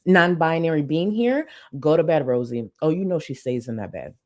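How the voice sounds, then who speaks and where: A woman's voice: low-pitched, animated, normal speed, darkish tone. A woman from Houston, Texas, chatting playfully as a live streamer and thanking viewers for super chats, laughing often and using slang. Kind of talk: casual livestream chat reading super chats.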